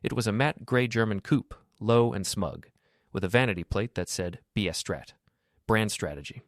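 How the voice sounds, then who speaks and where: Brief: male narrator, calm and measured, very low voice, dry close recording. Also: dry recording. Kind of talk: first-person story narration.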